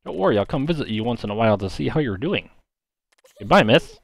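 A man voicing a possessive, volatile young girl who hates lies, shouting and accusing as he reads game dialogue. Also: mid-range voice, lively intonation, fast, gravelly, no room sound. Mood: cold, commanding. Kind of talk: game dialogue read aloud by a player.

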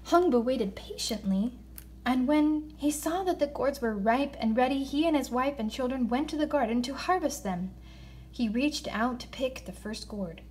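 A woman reading a children's story aloud in an expressive voice, slowing down for emphasis. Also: high voice. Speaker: narrator.

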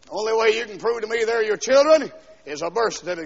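A man preaching a fiery revival sermon, dropping to quiet asides and then shouting and singing out lines, heard on a dull 1970s LP recording from a church. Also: high voice, lively intonation, fast, vocal fry. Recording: dull 1970s LP recording with long hall echo.

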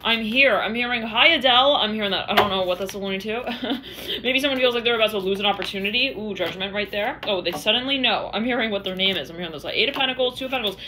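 A woman's voice: mid-range voice, fast, background noise. A woman giving a channeled tarot reading, rambling in a stream-of-consciousness way and acting out the voices she quotes. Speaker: tarot reader.

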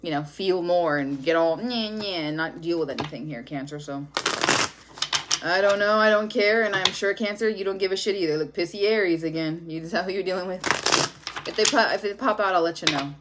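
A woman's voice: fairly low pitch, fairly quick, very noisy. Brief: woman tarot reader, casual, blunt and profane delivery. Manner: blunt, profane, laughing often. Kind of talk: casual tarot reading to camera.

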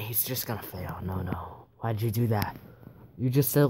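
A man's voice: lowish voice, normal speed, mellow, a little hiss or hum. Chatty man doing game commentary. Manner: chatty and teasing, with mock laughter. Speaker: gaming video host. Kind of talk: casual gameplay commentary.

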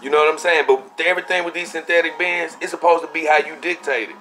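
A young man casually telling a story for his vlog, animated and profane, acting out what he said at the time. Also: a little high, fast, faint music behind. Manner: animated, profane, acts out his own quotes. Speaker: vlogger.

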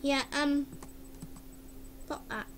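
A woman's voice: high voice, fairly even intonation, very slow, a bit bright. A woman vlogging casually at her computer, exclaiming, giggling and humming along, recorded through a webcam mic. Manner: giggly, exclaims often, hums and sings along.

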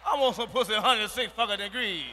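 A man doing a stand-up routine on a large arena stage, loud, profane and emphatic, with bursts of shouting. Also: high-pitched, quick pace, in a large hall, a little hiss or hum. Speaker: stand-up comedian.

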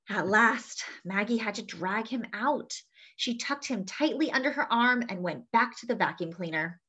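A woman reading a children's picture book aloud, lively, often turning to ask her young listeners questions. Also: a little high, moderate pace, husky. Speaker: children's story reader. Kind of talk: read-aloud storytelling for children. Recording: dull lo-fi sound.

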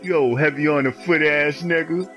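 A man whose voice leans high streams a game and keeps up a loose running commentary, swearing freely and trash-talking with real animation. The recording quality is rough.

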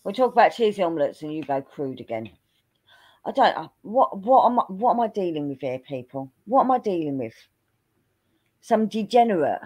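A woman's voice: on the low side, big pitch swings, moderate pace, darkish tone. A woman hosting a casual stream chat, teasing and exasperated, laughing often. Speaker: streamer host.

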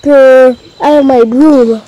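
A woman voicing a fierce mother who growls and shouts slow threats. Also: high voice, steady tone, lo-fi sound, a little hiss or hum. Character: fierce protective mother with a broom.

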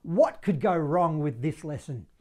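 A man's voice: fairly high pitch, unhurried. Jokey Australian sax teacher, man. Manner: jokey, animated, self-deprecating. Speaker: saxophone teacher. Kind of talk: upbeat online music lesson.

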